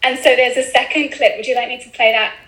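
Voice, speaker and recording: British woman guest, gentle thoughtful chat, roomy sound. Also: a little high, steady tone, fast, crowd noise. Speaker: podcast guest. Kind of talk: casual interview chat.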